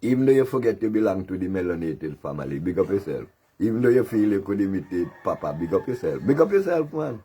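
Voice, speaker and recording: A man with a deep, low voice and a Caribbean creole accent hosts a commentary show. His tone is husky and a little rough. He taunts and lectures in a mocking, sermonizing way, laughing as he goes. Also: lively intonation, fast, mellow.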